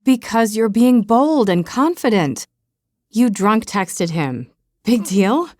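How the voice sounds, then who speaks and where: A woman's voice: mid-range voice, expressive, slow pace, a little mellow, no echo. Woman reading a teasing blunt friend in an audiobook, breezy, dry close sound.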